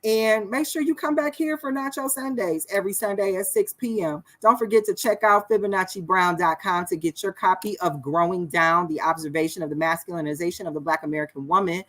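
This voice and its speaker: A woman's voice: mid-range voice, a bit bright. A woman hosting a show, giving candid, preachy advice in a casual monologue. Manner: candid, preachy, with fillers and restarts. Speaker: show host.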